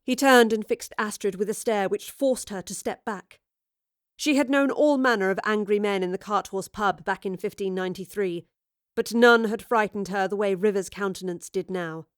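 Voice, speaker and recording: A woman narrating a serial story aloud with measured, vivid storytelling. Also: mid-range voice, fairly even intonation, no room sound, studio quality. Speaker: audiobook narrator.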